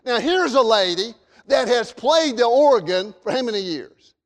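A male pastor preaches a sermon in a church, his voice unusually high for a man. He pushes some phrases hard and lets others sink low and quiet. Long reverb from the sanctuary trails after his words. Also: sing-song, unhurried. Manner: emphatic preaching, rising and dropping in volume.

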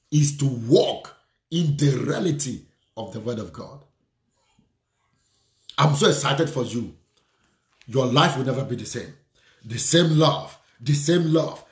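A man's voice: a little high, reverberant. A man preaching a sermon, fervent and repetitive, speaking declarations and prayer over his listeners.

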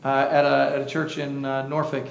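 With a medium-pitched, monotone voice, normal speed, and some vocal fry, a male pastor quizzes his congregation and jokes about himself during a church sermon. The rough recording has a roomy sound.

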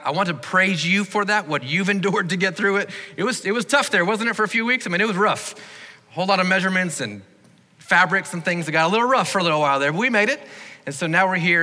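A man's voice: a little high, sharp tone. A man preaching a sermon as pastor, conversational and encouraging, with small jokes to the congregation. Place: church sanctuary. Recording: long hall reverb.

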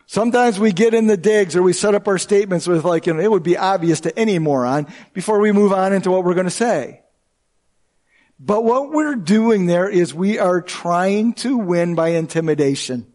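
Brief: male pastor, high voice, earnest and emphatic sermon delivery. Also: normal speed, a little mellow. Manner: earnest and emphatic, with shifting pace.

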